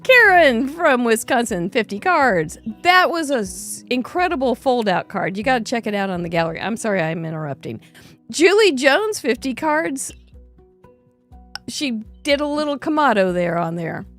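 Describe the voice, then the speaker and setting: A woman's voice: fairly high pitch, sing-song, normal speed, a bit bright. Bubbly woman host reading names, voice bouncing all over, music faint behind. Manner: upbeat, laughs often. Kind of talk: live craft show chat, reading out names.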